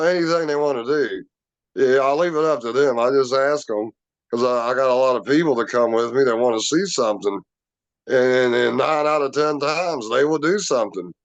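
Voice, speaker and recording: A man's voice: mid-range voice, smooth, lo-fi sound. A man casually telling a rambling personal story, with many fillers and restarts. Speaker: Bigfoot researcher telling a story.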